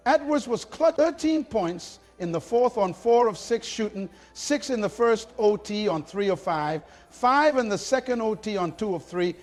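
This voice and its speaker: A man's voice: high voice, lively intonation, moderate pace, few pauses, darkish tone, soft background music. A man giving dramatic, indignant scripted narration for a sports channel, with punchy lines.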